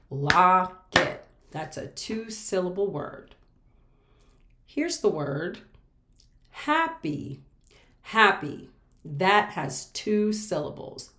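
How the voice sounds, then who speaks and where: A woman teaching a reading lesson to children, speaking slowly and patiently and repeating each word with care. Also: on the low side, a bit bright, reverberant. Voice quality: patient, repeats words carefully. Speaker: special education teacher. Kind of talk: slow, clear classroom instruction for children.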